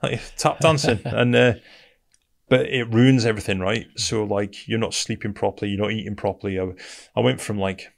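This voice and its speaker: Gravelly low-voiced British man telling his story. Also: steady tone, normal speed. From Britain. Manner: blunt, conversational, keeps saying "mate". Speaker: guest, military veteran. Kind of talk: casual storytelling interview.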